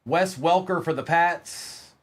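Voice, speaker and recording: A young man on a live stream, chatting casually and calling out player names as he opens card packs, getting excited along the way. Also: a little high, slow pace, slight background noise.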